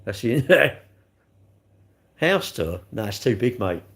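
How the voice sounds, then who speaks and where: A man's voice: medium pitch, big pitch swings, slow, a bit bright. A man rambling and joking as he answers chat comments on a live stream. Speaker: livestreamer reading chat.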